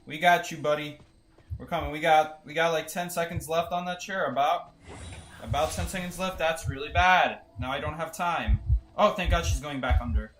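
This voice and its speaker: A man's voice: a little high, normal speed, a bit bright. A young man chatting casually and joking while streaming a game and reading chat aloud. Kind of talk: casual gaming stream commentary.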